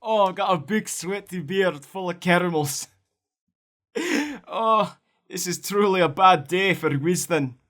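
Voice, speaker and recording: A man's voice: sits high, measured pace, fairly bright tone. A young man co-hosting, chatting casually and playfully while drawing, laughing often. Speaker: co-host.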